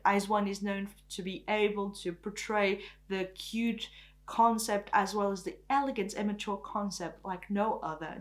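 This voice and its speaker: Woman, native French speaker, casual and excited music-review vlog delivery, mid-height voice. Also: mid-range voice. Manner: enthusiastic, chatty, often says "freaking". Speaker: K-pop reviewer.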